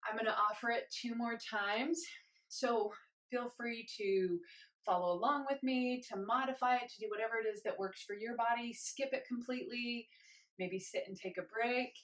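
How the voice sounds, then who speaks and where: A young woman leading a guided movement class, encouraging and gentle, a little out of breath as she moves. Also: a little high, normal speed. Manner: encouraging, gentle, invites choices. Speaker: movement instructor. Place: home room with carpet.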